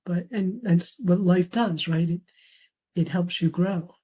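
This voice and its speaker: Mellow-voiced woman telling family stories. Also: on the low side, slow, husky, poor audio. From raised in a traditional Chinese family. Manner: warm storytelling, quotes family members, laughs often. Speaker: memoir author, guest. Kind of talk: conversational interview.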